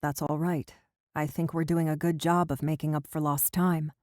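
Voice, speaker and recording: A woman's voice: low-pitched, little pitch movement, moderate pace, a little mellow, no echo, clean studio sound, close to an everyday voice. A woman voicing a playful young man who teases his girlfriend, read in an audiobook. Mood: tender. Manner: playful, amused. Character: teasing young man, grinning boyfriend.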